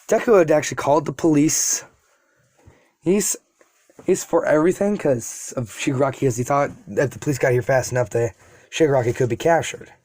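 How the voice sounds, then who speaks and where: A man's voice: medium pitch, fairly quick, a little mellow, dry recording. A man retelling a fan story in a casual, rambling way, with self-deprecating asides to his viewers. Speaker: YouTube storyteller.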